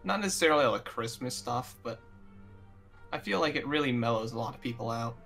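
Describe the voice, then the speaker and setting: Young guy, dry one-liners, bright tone, quiet music in back. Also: mid-range voice, animated, brisk, creaky. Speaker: podcast co-host. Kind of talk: casual chat.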